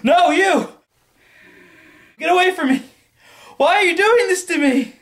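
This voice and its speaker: A man voicing a terrified male victim who screams his lines in a shrill, frantic voice. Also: unhurried, fairly bright tone, exaggerated voice.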